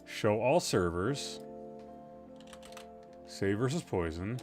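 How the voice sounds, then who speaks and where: Faint music sits behind this man, whose voice is on the low side with lively intonation, and he takes his time speaking. Hosting a relaxed gaming livestream, he's tired and a bit loopy, rambling on with self-deprecating humor and the odd swear.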